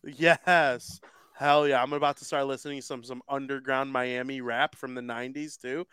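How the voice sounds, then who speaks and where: Sports podcast host guy, excitable and jokey, crisp dry sound. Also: mid-range voice, normal speed, dry recording. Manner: joking, excitable. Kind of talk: casual sports chat.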